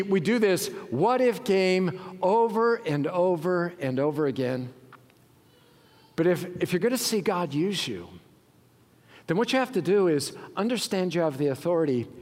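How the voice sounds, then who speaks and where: A man preaching a sermon as pastor, telling stories with humor in an animated way. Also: on the high side. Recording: reverberant hall.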